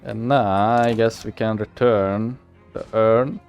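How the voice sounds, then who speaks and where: A man's voice: fairly low pitch, steady tone, slow pace, darkish tone, clear, resonant tone, highs cut off, faint music behind. A man casually narrating a game he is playing, rambling and self-deprecating. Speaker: gamer reading and playing.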